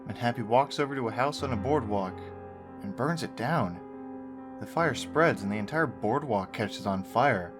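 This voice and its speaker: A man's voice: mid-range voice, moderate pace. A man narrating a horror story, with dry, sarcastic asides. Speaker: creepypasta narrator. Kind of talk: story reading with commentary. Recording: guitar music under the voice.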